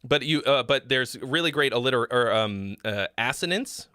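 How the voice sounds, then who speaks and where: Male streamer-host, bright tone, dry close sound; casual, blunt song-critique delivery with fillers. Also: medium pitch, lively intonation, normal speed, clean tone, no room sound. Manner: frank and loose, swearing, many fillers and restarts. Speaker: host giving song feedback.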